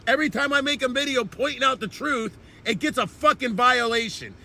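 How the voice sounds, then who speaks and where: Man, very high voice, piercing bright tone, angry ranting host, swearing constantly. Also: brisk, creaky. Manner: profane, heated, ranting. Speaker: online commentary host. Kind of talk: angry political rant.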